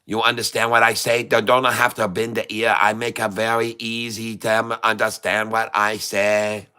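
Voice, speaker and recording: A man voicing a jokey male trader who speaks halting broken English with dropped words and many fillers, as a comic put-on while trading live. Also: on the low side, flat delivery, pushed and bright, smooth. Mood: playful.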